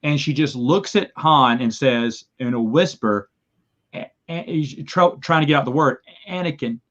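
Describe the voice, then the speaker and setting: Animated man, slightly muffled recording. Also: unhurried. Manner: animated, acts out his reactions with sudden high yelps. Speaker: podcast co-host. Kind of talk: casual chat. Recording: slightly dull, lo-fi sound.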